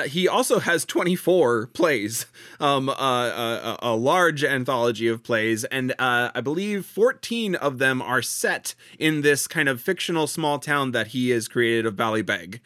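A man co-hosting a podcast, talking casually and haltingly, with many pauses and restarts. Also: medium pitch, animated, pushed and bright, no echo, studio quality. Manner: hesitant, many ums and restarts. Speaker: podcast co-host.

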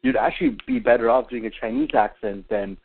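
A man's voice: lowish voice, wildly swooping pitch, brisk, vocal fry. A man calling in to a radio talk show, speaking hesitantly with many fillers and restarts, heard over a tinny phone line. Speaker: caller. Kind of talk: call-in radio chat.

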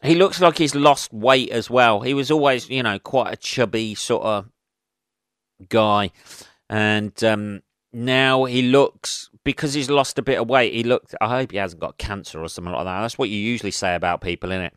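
Sweary rambling English comedian podcaster. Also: male voice, medium pitch, fairly even intonation, moderate pace, fairly bright tone, smooth, no echo, studio quality. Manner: rambling, sweary, self-mocking. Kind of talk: casual solo podcast ramble. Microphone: close podcast mic.

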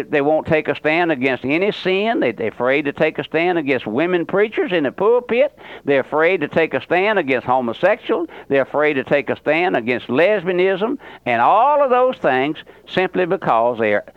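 A man's voice: fairly high pitch, dry recording. An older man preaching a fiery radio sermon, with sudden emphatic rises. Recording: dull lo-fi radio broadcast.

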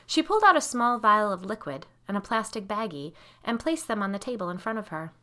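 A woman podcast host narrating a spooky story in a measured, wry storytelling manner. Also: medium pitch, a bit bright.

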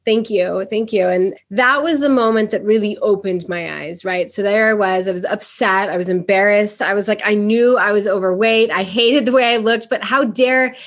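A middle-aged woman from Puerto Rico, a podcast guest, telling her story in a lively, casual way and acting out the voices she quotes. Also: mid-range voice, normal speed, few pauses. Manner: animated, acts out quoted voices.

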